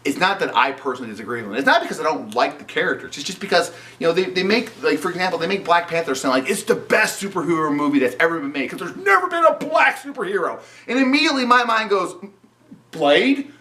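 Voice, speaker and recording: A man's voice: on the high side, expressive, racing, hardly any pauses, bright, forceful tone, far from the mic. A man giving an opinionated spoken movie review, sarcastic and indignant, often saying "you know". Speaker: film reviewer.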